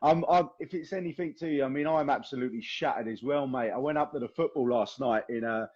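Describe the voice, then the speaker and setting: A young man hosting a podcast over a video call, tired and hoarse, chatting casually and swearing with a laugh. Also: mid-range voice, fast, a little mellow, muffled recording, slight background noise. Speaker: podcast host.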